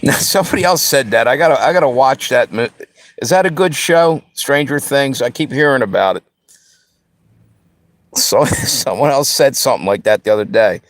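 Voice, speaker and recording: A livestream host from the Pennsylvania and Delaware area chats with viewers in a loose, easygoing, rambling style, speaking straight to the chat. He uses a mid-range voice at a moderate pace, with no echo.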